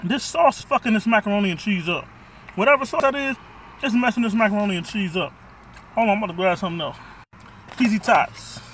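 A man's voice: high voice, fast talker, a bit bright, slight background noise. A man doing a casual food review vlog from his car, talking bluntly and profanely as he rants about the food.

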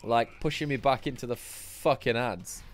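A man's voice: mid-range voice, normal speed. A man giving sweary, rambling, self-mocking commentary while streaming a game live. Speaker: gaming streamer.

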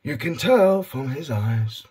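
A man putting on the voice of a male nature documentary narrator, measured and hushed. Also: mid-range voice, expressive, slightly rough, full character voice. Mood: mock-serious. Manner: measured, hushed wildlife commentary.

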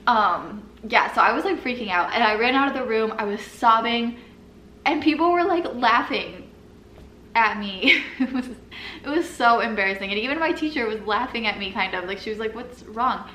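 A woman's voice: on the high side, lively intonation, normal speed, pushed and bright. A young woman telling a personal story in a casual, chatty way, filling her talk with "like" and nervous little laughs. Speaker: vlogger. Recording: echoey room with faint noise.

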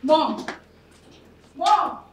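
A pleading daughter. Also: female voice, sits high, animated, extremely slow, fairly bright tone, slight background noise, heavily acted. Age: young adult. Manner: pleading, emotional, argumentative. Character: young adult daughter, headstrong and pleading.

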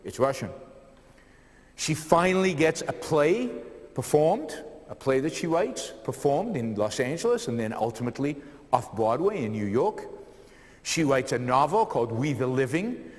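A man's voice: medium pitch, sing-song, moderate pace. A man giving a public lecture to a live audience, telling a life story energetically, with many fillers and repeated words. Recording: long hall reverb.

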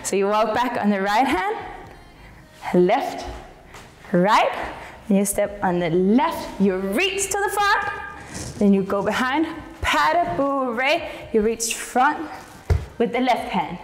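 A woman's voice: a little high, long reverb tail. A woman teaching a jazz dance class, calling out each step and counting the moves aloud as she dances. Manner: counts steps aloud while dancing.

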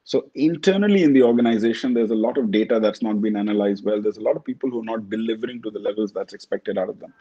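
A man from Pakistan, a company chief, answering interview questions in a measured corporate way, often restarting his words. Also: on the low side, warm tone, husky, highs cut off. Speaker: CEO guest.

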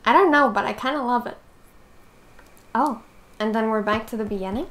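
A woman hosting a gaming channel with a slightly raspy voice, giving playful, rambling let's-play commentary and laughing at herself. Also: fairly high pitch, normal speed, pauses often, fairly bright tone, slight background noise.

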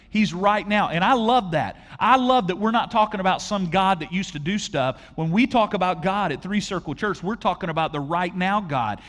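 A man's voice: high-pitched, normal speed, hardly any pauses, a bit bright. A man preaching a conversational sermon to a church audience, asking them questions directly. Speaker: pastor. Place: large church auditorium. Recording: long hall reverb.

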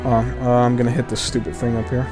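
A man's voice: mid-range voice, little pitch movement, fast talker. A man hosting a video game playthrough, chatting casually and rambling with restarts and laughs. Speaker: host. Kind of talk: casual gameplay commentary. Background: game music.

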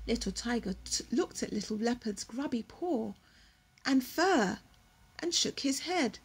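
A young woman reading a picture book aloud to her toddler at home, slow and expressive, with gasps and whispered asides. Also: on the high side, a little hiss or hum.

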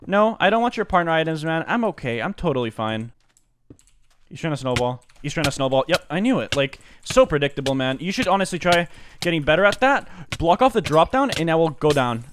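A man giving live commentary on his own gameplay, excitable and slangy, jumping from low muttering to loud outbursts. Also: a little hiss or hum. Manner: slangy, says dude and bro a lot. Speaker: gaming commentator.

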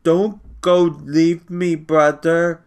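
A man voicing a frail, timid little boy who speaks slowly and softly. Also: on the high side, expressive, pitched above the performer's own voice. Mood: pleading. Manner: slow, soft, wondering.

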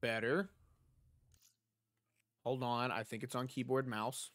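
A young gaming streamer takes his time, his medium-pitched voice level and a bit bright. He's at his home desk with a desk mic, playing a video game live, chatting casually and answering his viewers' questions.

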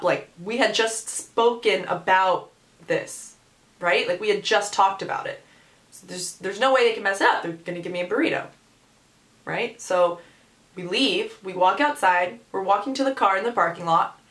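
Sarcastic woman vlogger, echoey room. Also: on the high side. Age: 20s. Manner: animated, sarcastic storytelling. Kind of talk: storytime vlog.

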